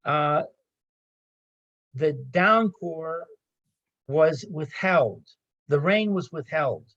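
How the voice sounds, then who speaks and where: A man joining a class over a video call, with short answers and friendly chatter. His voice is a bit higher than usual. The call audio sounds muffled. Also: animated, very slow, fairly bright tone. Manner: brief responses and chatty goodbyes. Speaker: class participant.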